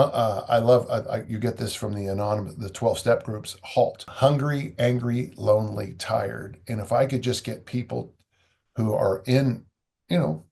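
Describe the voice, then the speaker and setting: A man's voice: mid-range voice, creaky, a little mellow, husky. A man, a strength coach guest, talking in a loose, rambling way with dry humor. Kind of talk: conversational interview.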